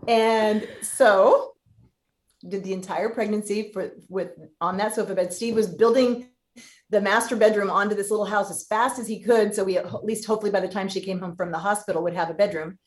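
A woman's voice: mid-range voice, steady tone, quick pace. A woman in her fifties, a podcast guest, telling a personal story candidly and acting out what people said. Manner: candid, acts out quoted voices.

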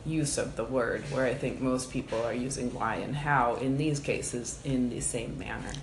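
Woman with a low voice, steady and reasoned, recorded in an echoey room with clear clatter of dishes behind her. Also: normal speed, a little hiss or hum. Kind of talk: casual debate.

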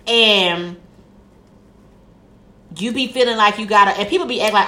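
A woman's voice: medium pitch, lively intonation, normal speed, bright, forceful tone. A woman co-hosting a casual chat, jumping in emphatically to agree and add her own points.

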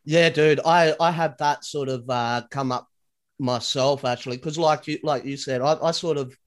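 A man's voice: on the high side, steady tone, moderate pace. A man, a father, telling frank stories in a casual podcast chat, agreeing and swearing freely. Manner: frank, agreeing, profane storytelling.

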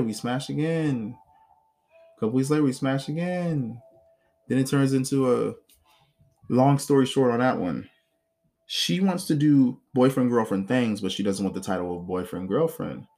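A man talking straight to his viewers, blunt and full of swearing as he works through old relationships. His voice sits in a middle register, and he slips into animated mimicry when quoting people. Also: medium pitch, measured pace, pauses often. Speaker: self-help vlogger. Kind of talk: casual personal storytelling.

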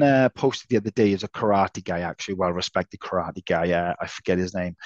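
A man co-hosting a casual martial arts podcast, an animated storyteller who swears freely and acts out voices. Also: medium pitch, no room sound. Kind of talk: casual chat.

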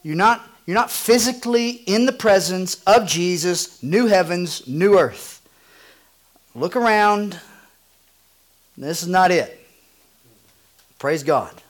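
A pastor with a voice sitting a bit higher than most men's preaches a sermon. He moves between hushed, low readings of scripture and brighter, lifted passages. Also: takes it slowly, long pauses. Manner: drops to a hushed low voice for quoted scripture, rising when excited.

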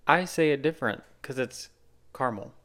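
A man's voice: medium pitch, fairly bright tone, smooth. A man from Tennessee with a Southern accent, chatting and teasing as a podcast co-host. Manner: chatty, teasing, quick to laugh. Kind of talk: casual podcast chat.

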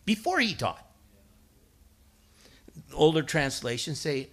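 A middle-aged man preaching a sermon with a bright, forceful tone. His pitch swings widely as he tells stories, acts out other people's voices and rises to emphatic high points. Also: lively intonation, measured pace. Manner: storytelling, acts out voices, builds to emphatic peaks. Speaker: guest preacher and schoolteacher.

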